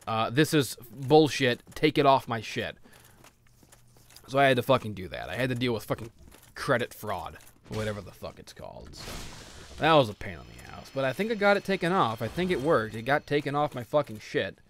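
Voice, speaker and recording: A man's voice: mid-range voice, sing-song, fast, fairly bright tone, slight background noise. Grumbly, profane gameplay commentator, man.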